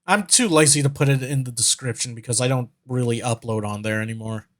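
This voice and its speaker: A man's voice: medium pitch, a little fast. A man streaming as a vtuber, chatting casually as he reacts to videos, rambling, laughing and swearing.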